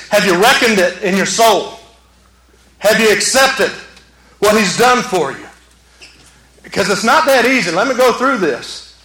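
A man preaching a sermon with passion, swinging from loud shouts to quiet asides. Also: high-pitched, reverberant, low-quality recording. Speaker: pastor.

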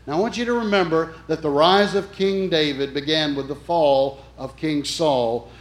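Male preacher, higher voice, earnest and emphatic storytelling sermon, roomy echo. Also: moderate pace. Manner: earnest, emphatic, addresses the congregation directly. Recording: echoey room.

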